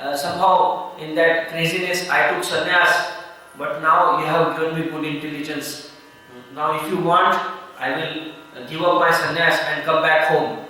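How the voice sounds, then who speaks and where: A man's voice: fairly high pitch, level tone, normal speed, pushed and bright. A man as a contrite young monk. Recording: echoey hall, mic far off.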